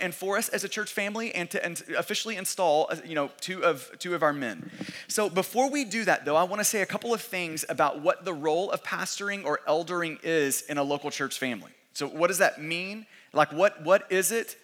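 A man's voice: high voice, a bit bright. A man, a pastor, preaching a sermon in a conversational way, often repeating and restarting his words. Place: church sanctuary. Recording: long church hall reverb.

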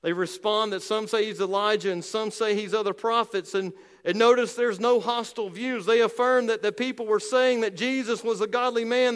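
A male pastor preaching a sermon with emphasis, slowing down and dropping low on key phrases. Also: in a large hall.

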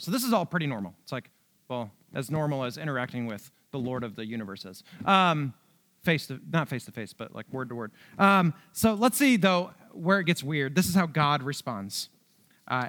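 A man's voice: fairly high pitch, fairly bright tone. A young man preaching on a Bible passage in a loose, conversational way, full of slang and tag questions. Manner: conversational, slangy, keeps asking "right?". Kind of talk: casual Bible teaching.

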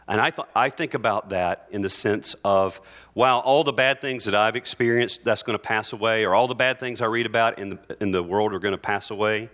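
A male pastor preaching earnestly in church, reading scripture aloud with slow, emphatic phrases. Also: fairly low pitch, fairly bright tone. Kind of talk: sermon.

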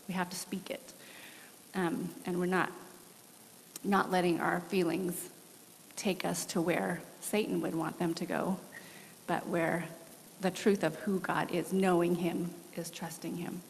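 Woman, 40s, missionary guest, earnest testimony, animated, long hall reverb. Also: fairly low pitch, measured pace, creaky, a little hiss or hum. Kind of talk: candid testimony in an interview.

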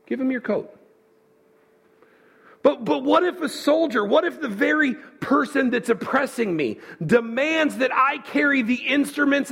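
Male pastor preaching, husky voice, rises high for rhetorical questions, lively. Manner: animated preaching, voicing listener objections. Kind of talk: sermon.

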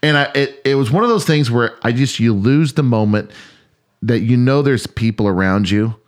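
A man's voice: mid-range voice, moderate pace. A man in his forties co-hosting a podcast, laughing often and poking fun at himself. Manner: laughs often, self-deprecating. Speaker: pastor and podcast co-host. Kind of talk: casual chat.

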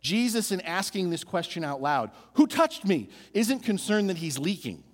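A man preaching with a lively, rising and falling voice pitched a little high. He builds emphasis by repeating phrases. His sermon rings out with the long reverb of a large church sanctuary. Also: moderate pace. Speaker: pastor.

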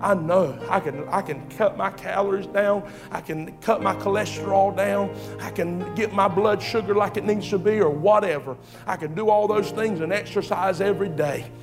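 Male preacher, high voice, impassioned sermon delivery, faint music under him. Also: normal speed, few pauses. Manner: impassioned, repetitive, swings from shouting to hushed. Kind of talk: fiery sermon.

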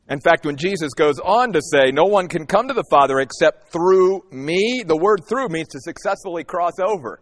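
Man preaching, emphatic, high lively voice, long hall reverb. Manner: animated, emphatic preaching with dramatic pauses. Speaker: pastor. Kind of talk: sermon.

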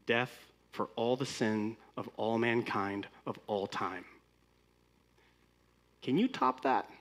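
A man's voice: medium pitch, fairly bright tone. A man preaching a sermon as pastor, speaking conversationally and putting many rhetorical questions to the congregation.

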